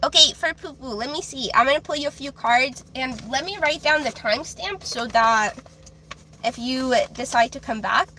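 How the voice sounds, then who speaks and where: High, bright baby-voiced woman. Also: moderate pace, slight background noise, low-quality recording. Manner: high, childlike voice with frequent fillers and restarts. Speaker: tarot reader streamer. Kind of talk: casual live-stream chat.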